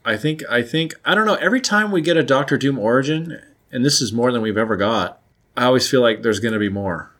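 Relaxed man chatting on a podcast. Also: medium pitch, quick pace. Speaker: podcast co-host. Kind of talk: casual conversation.

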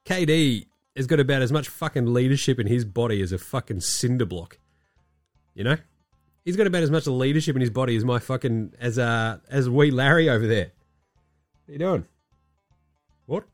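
A sick, coughing male podcast host rants with sweary sarcasm in casual sports chat, his mid-range voice animated at a normal speed with frequent pauses. The close mic is dry with no room sound, and faint music plays underneath.

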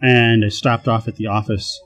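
Speaking at normal speed in a lowish voice, with faint music behind him, a man who manages a software team tells work stories as a casual interview guest. He's animated, laughs often, and acts out the voices of people he quotes.

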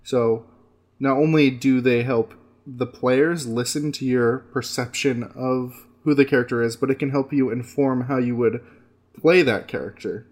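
A man co-hosting a casual podcast chat, speaking thoughtfully with restarts and pauses. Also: mid-range voice, steady tone, a little mellow. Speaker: podcast co-host.

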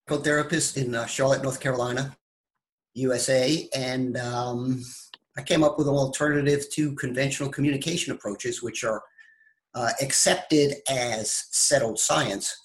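A man, a psychotherapist and interview guest, explaining his approach and pausing often to find his words. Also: mid-range voice, slight background noise. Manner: explanatory, pauses to search for words. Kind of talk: interview answers.

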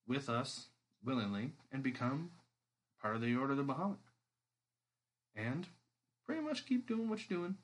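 A man playing a calm agent recruiter. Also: medium pitch, breathy edge. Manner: persuasive, matter-of-fact.

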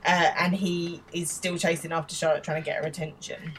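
Chatty East London woman, lowish voice. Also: little pitch movement, a little fast, a little hiss or hum, rough recording. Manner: chatty, restarts sentences, laughs often. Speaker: podcast co-host. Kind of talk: casual episode recap.

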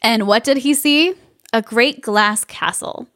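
A woman's voice: on the high side, measured pace, fairly bright tone, no room sound, studio quality. Giggly woman reading a fairy tale. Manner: giggly, wry asides. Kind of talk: comic storybook reading with asides.

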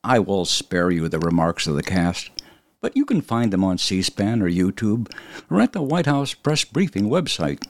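A man hosting an opinion podcast, delivering an emphatic commentary monologue with sudden jumps in pitch. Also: big pitch swings, normal speed, dry recording. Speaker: podcast host.

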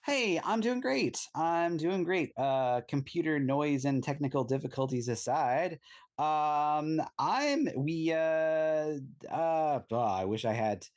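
A man chatting as a podcast co-host, lively and talkative. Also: on the high side, slow pace. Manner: animated, chatty. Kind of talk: casual chat.

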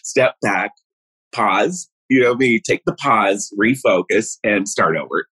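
A man's voice: fairly low pitch, takes it slowly, a bit bright, husky, poor audio. A man, a guest, telling a personal story casually, rambling with restarts and frequent laughter.

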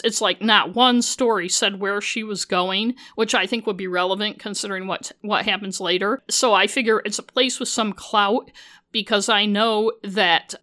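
Her voice sits at a medium pitch and sounds pushed and bright as she hosts her true-crime podcast. Once a journalist, this woman tells the story in a relaxed way, full of sarcasm and frequent profanity.

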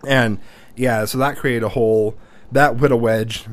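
A man's voice: mid-range voice, unhurried. A young man telling a family story in casual chat, swearing freely and acting out quotes. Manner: animated, swears freely, acts out quotes loudly.

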